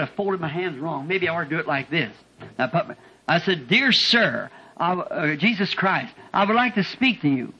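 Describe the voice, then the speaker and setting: Old taped preacher, impassioned. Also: male voice, pushed and bright, slightly rough. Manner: emotional, rising to high-pitched bursts when telling his story. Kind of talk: sermon testimony. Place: church meeting. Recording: dull lo-fi archival tape.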